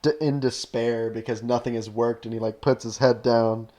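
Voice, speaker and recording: A man's voice: mid-range voice, little pitch movement, moderate pace, darkish tone. A man co-hosting a podcast in casual chat, rambling through ideas with lots of "like" and restarts. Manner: rambling, full of "like" and restarts, laughs often. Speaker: podcast co-host.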